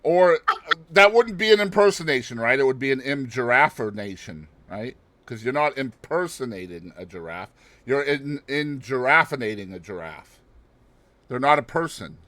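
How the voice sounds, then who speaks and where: A man's voice: medium pitch, expressive, moderate pace, pushed and bright, dry recording. A man co-hosting a podcast in casual chat, rambling and joking with puns and asides. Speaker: podcast co-host.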